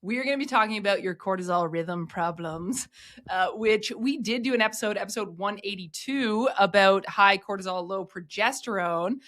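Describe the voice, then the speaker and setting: A woman's voice: mid-range voice, normal speed, a bit bright. A woman hosting a podcast, upbeat and encouraging in casual chat, often laughing. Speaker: podcast host.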